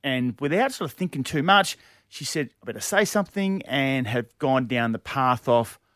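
A man's voice: mid-range voice, lively intonation, moderate pace, a bit bright, no echo, studio quality. An Australian man co-hosting a radio show, telling a funny story in casual chat and laughing often.

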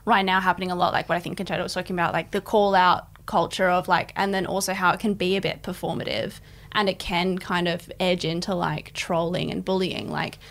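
A woman's voice: lowish voice, level tone, a little fast, fairly bright tone. A woman co-hosting a podcast, reflecting thoughtfully in casual chat.

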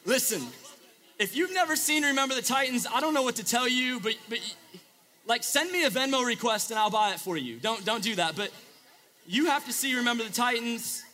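A man's voice: very high voice, lively intonation, brisk, sharp tone, a little hiss or hum. A young man preaching a casual sermon to a live audience, chatty and joking with lots of filler words.

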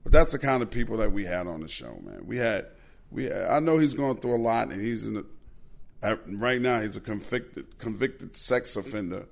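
Gravelly New man telling stories. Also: fairly low pitch, moderate pace. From Queens, New York. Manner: animated, profane, joking anecdotes. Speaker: podcast host. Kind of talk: casual storytelling.

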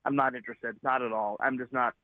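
A man's voice: medium pitch, fairly even intonation, fast talker, dry recording. A man calling in to a radio show, talking bluntly and with exasperation. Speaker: caller. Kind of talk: phone call on a radio show. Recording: tinny phone line.

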